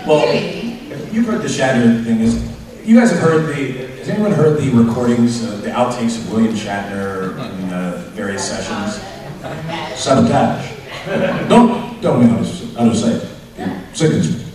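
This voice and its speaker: A man on a convention panel, a voice actor telling stories in an animated way with restarts, heard through a distant mic in a large hall. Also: medium pitch, a little slow, crowd noise.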